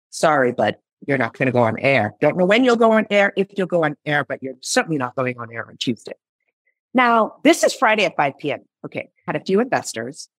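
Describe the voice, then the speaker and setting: A woman in her thirties, a company founder in a conversational interview, telling lively stories and acting out her own past lines. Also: sits low, no echo. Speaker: founder and CEO, interview guest.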